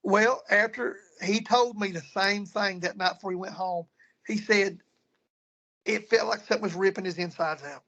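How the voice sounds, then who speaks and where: A guest paranormal investigator with a high, sharp-toned voice shares ghost-hunting stories at a moderate pace. His casual storytelling rambles, repeating words and restarting sentences, and the recording's highs are cut off.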